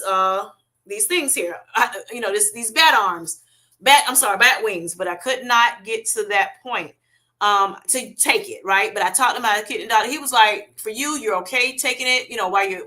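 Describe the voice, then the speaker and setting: A middle-aged woman hosts an easygoing livestream, responding to viewer comments in a warm, talkative way and calling them "honey" and "baby." Her mid-range voice sounds pushed and bright.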